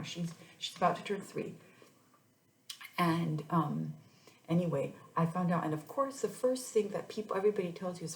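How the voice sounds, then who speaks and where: In a casual personal vlog recorded in an echoey room, a mother in her thirties rambles through her own story with many restarts. Her voice is on the low side and gravelly.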